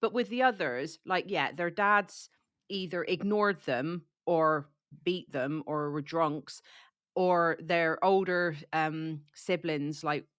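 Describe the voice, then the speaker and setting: A woman talks through a book in easy, rambling chat, her voice a little low and stuffy from a cold. She keeps restarting her sentences and leaning on "like". The sound is dry and close. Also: slow, smooth, dry recording. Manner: chatty, lots of likes and restarts. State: has a cold, coughing. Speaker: book discussion co-host.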